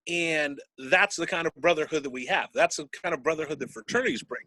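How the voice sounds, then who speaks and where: A sports broadcaster, his voice slightly high, a little fast, pushed and bright, tells personal stories in an interview and is sometimes too choked up to go on. The emotional account comes through a rough recording with no room sound.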